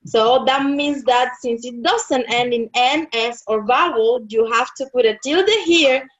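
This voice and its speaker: A woman teaching in a slightly high voice, speaking very slowly and carefully. She repeats key words and checks in with her student. The sound is dull and lo-fi, with keyboard typing in the background. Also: fairly bright tone. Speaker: Spanish tutor. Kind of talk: slow online lesson explaining rules.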